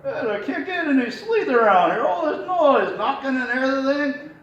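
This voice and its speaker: A man voicing a grumpy, sleepy male puppet shut inside a trunk, in a muffled, high, strained voice. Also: lively intonation, moderate pace, fairly bright tone, distant mic. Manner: complaining, cranky. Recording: echoey room from afar.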